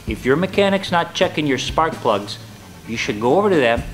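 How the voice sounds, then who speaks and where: A man's voice: on the high side, very animated, a little fast, soft background music. A man playing a folksy, hammy car dealer, delivering a comedic sketch monologue in salesman patter. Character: hammy, folksy male used-car dealer giving tips.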